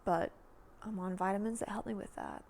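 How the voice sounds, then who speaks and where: A woman in her early thirties rambles through a casual vlog, talking in a loose, chatty way. She leans on filler words and sighs, and her voice sometimes falls to a soft near-whisper. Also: mid-range voice, brisk, creaky, slight background noise. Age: 30s. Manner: chatty, meandering, many "like"s and sighs. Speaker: vlogger.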